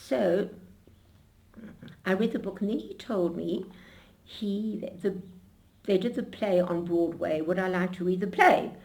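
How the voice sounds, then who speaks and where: An older woman being interviewed, telling her memories in an animated storytelling way with frequent restarts. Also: fairly low pitch, normal speed.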